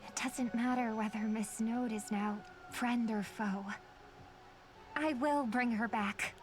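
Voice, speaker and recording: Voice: mid-range voice, steady tone, slow, soft background music, lightly acted. A streamer voicing a determined, loyal rescuer who speaks earnestly. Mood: resolute. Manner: earnest, resolute.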